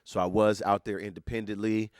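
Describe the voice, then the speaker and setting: A man with a low voice in his middle years, chatting casually on a podcast. He jokes around and drops slang with a teasing, easygoing delivery, and the sound is dry and close with no room around it. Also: fairly quick, smooth, dry recording. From Northern California. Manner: playful, joking, animated slang. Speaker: podcast co-host. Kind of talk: casual chat.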